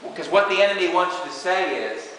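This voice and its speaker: A man's voice: high voice, lively intonation, quick pace. A man preaching an informal sermon, reading scripture and talking conversationally with many "you know"s. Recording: echoey hall with faint hiss.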